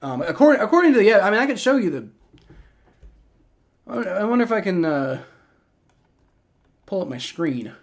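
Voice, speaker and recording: A young man hosting a live stream, giving rambling, excitable reactions and play-by-play while he watches a football game and swears freely. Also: sits high, normal speed, pauses often. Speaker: livestream host.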